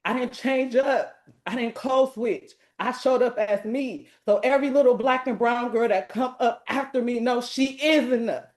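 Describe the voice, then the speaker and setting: A woman from Milwaukee, giving an excited, heartfelt award acceptance speech in casual slang over a video call. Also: fairly high pitch, normal speed. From Milwaukee, USA. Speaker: award winner and speaker.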